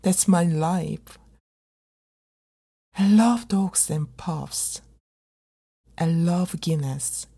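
Middle-aged woman doing a dramatic monologue, earnest, kinda breathy, lowish voice. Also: dark tone. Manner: earnest, pleading, measured. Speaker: actor. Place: living abroad as a migrant in a big city.

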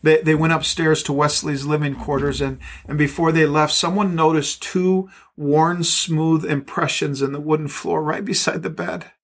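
A man's voice: fairly high pitch, steady tone, moderate pace, hardly any pauses, fairly bright tone. A man pastor delivering a podcast sermon and prayer, with a fervent, repetitive prayerful cadence.

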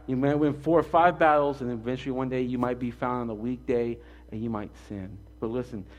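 A man preaching a sermon in a conversational way, mixing scripture with an animated personal story. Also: medium pitch. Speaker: pastor.

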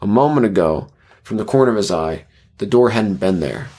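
A man narrating a scripted horror story in a measured way. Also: lowish voice, lively intonation, warm tone.

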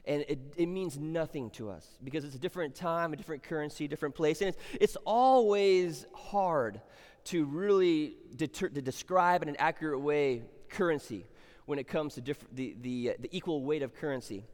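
A man's voice: a little high, moderate pace, darkish tone. Man preaching in a reverberant hall. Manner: expository preaching, rhetorical questions, repeats key phrases. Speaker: pastor. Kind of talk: sermon.

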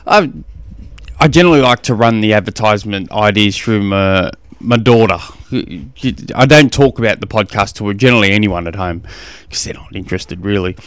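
A man's voice: fairly low pitch, moderate pace, fairly bright tone, clean tone, no room sound. A middle-aged Australian man hosting his own podcast, chatting casually in a rambling, self-deprecating way. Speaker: podcast host. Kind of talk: casual chat.

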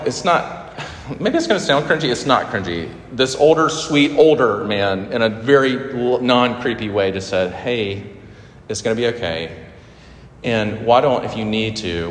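A man's voice: fairly low pitch, slight background noise. A man preaching a sermon in a loose, conversational way, with asides and light humor. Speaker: pastor. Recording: echoey hall with long reverb.

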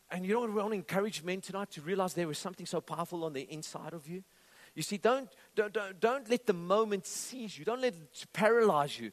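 A man preaching a sermon to a congregation, impassioned, with swings between loud declarations and low intense tones and some playful humorous asides. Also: fairly quick.

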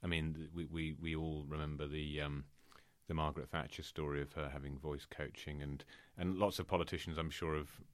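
Man, interviewer, very low voice, halting repeated words, dry close sound. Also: no room sound. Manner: halting, repeats words while framing questions. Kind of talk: interview questions.

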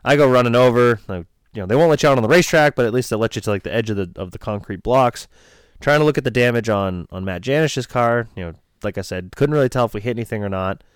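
On a casual storytelling podcast chat, a race crew member retells a race-day crash, rambling, animated, and swearing freely. His mid-range voice is fast, clear, and resonant, in a dry, studio-quality recording.

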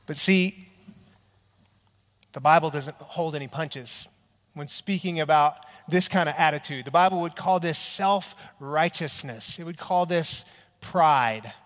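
A pastor preaches to an audience in a large church hall, his voice on the high side and fairly bright, at a measured pace. His sermon is conversational storytelling, often checking in with "right?" and acting out little quotes.

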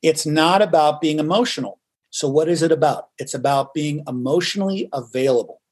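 Male coach, theatrical and emphatic, somewhat high-pitched, podcast guest. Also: brisk, a little mellow. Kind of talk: podcast interview.

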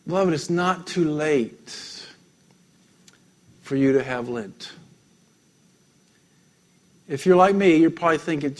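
A man, a pastor, preaching a sermon, telling stories with frequent light laughs and drops to a soft, intimate tone. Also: a little high, a little slow, pauses often.

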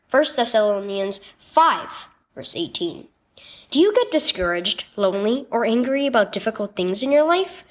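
Woman narrator, children's devotional, expressive storytelling, fairly high, lively pitch. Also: normal speed. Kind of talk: scripted children's devotional reading.

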